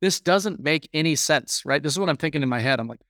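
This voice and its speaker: A man's voice: a little high, expressive, fast, few pauses, a bit bright, dry recording, clean studio sound. Rambling storytelling podcast man. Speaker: podcast co-host. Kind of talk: casual chat.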